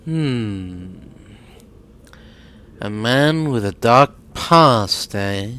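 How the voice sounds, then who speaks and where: A man's voice: medium pitch, lively intonation, very slow, bright, forceful tone, clean tone, exaggerated voice. An actor voicing a wry male adventuring companion with a dry, drawling manner in video game dialogue.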